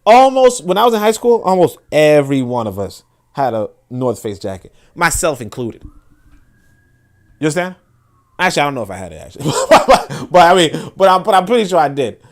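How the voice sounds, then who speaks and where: A man hosting a podcast, giving animated, profane, casual political commentary and often repeating words as he restarts sentences. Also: fairly high pitch, brisk, slight background noise. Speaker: podcast host.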